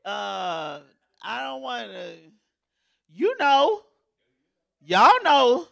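A woman's voice: fairly high pitch, big pitch swings, drawn-out words, gravelly, long pauses, a bit bright. A woman pastor giving a sermon in a folksy, joking, conversational way, as if in a church.

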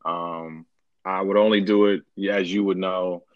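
Relaxed young male co-host, low voice, rambles with fillers, dry close sound. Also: unhurried, dry recording, highs cut off. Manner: laid-back, rambling with many fillers. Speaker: podcast co-host. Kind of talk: casual podcast chat.

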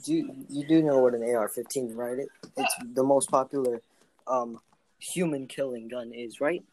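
A man's voice: mid-range voice, normal speed, darkish tone, a little hiss or hum, low-quality recording. A young man in casual chat, insistent and quizzing, talking over the other person.

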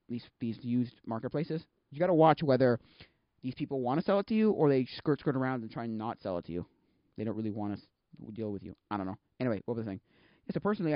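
A man's voice: mid-range voice, dry recording, highs cut off. A man hosting a solo podcast, chatting casually and rambling, often correcting himself and losing his thread. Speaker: podcast host.

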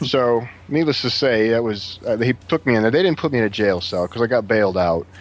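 A man's voice: medium pitch, fairly quick, highs cut off. Profane man telling a story. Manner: animated, profane, acts out quotes. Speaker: podcast guest telling a story. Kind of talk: casual storytelling among friends.

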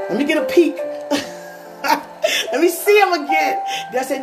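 Excitable woman sharing a faith testimony. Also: high-pitched, moderate pace, pauses often, music in the background. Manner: excitable, storytelling, acts out her own thoughts. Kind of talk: spiritual testimony to an online audience.

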